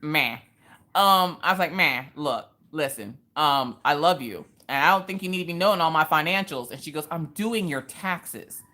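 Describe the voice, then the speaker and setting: A young woman with a low voice tells a story to her livestream viewers in a loose, chatty way. She acts out each person's lines and drops in Southern slang. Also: very animated, moderate pace, bright, forceful tone. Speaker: craft livestream host.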